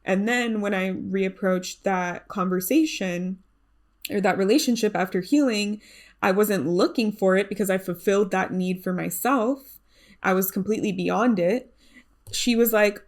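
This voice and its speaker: A woman's voice: mid-range voice, moderate pace. Young woman doing a solo podcast, earnest chatty tone, lots of likes and ums. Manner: earnest, conversational, many fillers and restarts. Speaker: podcast host. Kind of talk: reflective solo podcast talk.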